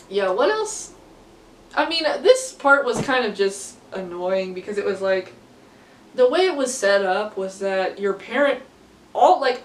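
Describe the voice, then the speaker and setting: A young woman in her late teens telling a story casually to camera, rambling with lots of fillers and laughing often. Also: mid-range voice. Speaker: vlogger. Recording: echoey room, distant from mic.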